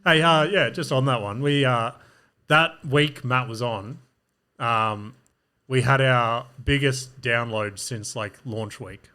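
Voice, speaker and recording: A man chats loosely as a podcast host, rambling through stories and laughing often. His voice has a bright, forward ring. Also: medium pitch, slow pace. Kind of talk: casual chat.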